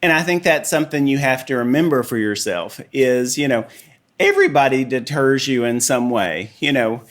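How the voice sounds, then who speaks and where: A man with a Tennessee Southern accent, an artist guest on a podcast, telling stories in a relaxed, casual way. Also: medium pitch, normal speed. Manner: relaxed storyteller, many you-knows. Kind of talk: casual interview chat.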